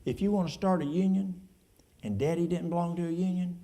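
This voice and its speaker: Church elder, male, East Tennessee Appalachian accent, folksy and plain-spoken, dark gravelly tone. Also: high voice, quick pace. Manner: folksy, plain-spoken, drawling with colloquial speech. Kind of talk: answering audience questions in church.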